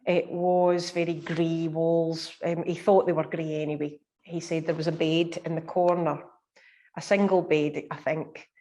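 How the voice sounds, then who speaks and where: Mellow-voiced woman telling ghost stories. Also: low voice, flat delivery. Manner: chatty, measured, with many fillers. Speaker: paranormal researcher. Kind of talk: storytelling in conversation.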